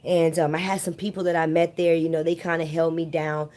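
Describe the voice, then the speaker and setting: Woman vlogger, casual storytelling, chatty, fairly low voice. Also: level tone, fairly quick, darkish tone. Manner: chatty, addresses viewers as "you guys".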